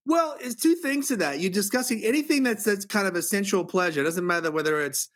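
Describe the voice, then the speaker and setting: A man from Australia, hosting a podcast and musing in a relaxed, reflective way. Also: high-pitched, fairly quick. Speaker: podcast host. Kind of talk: casual conversation.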